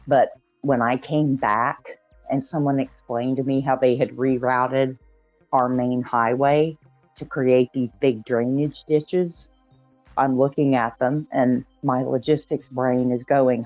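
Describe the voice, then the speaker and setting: A man from Georgia explaining things in a calm, measured way during a casual call-in chat. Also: medium pitch, no room sound, dull audio, faint music behind.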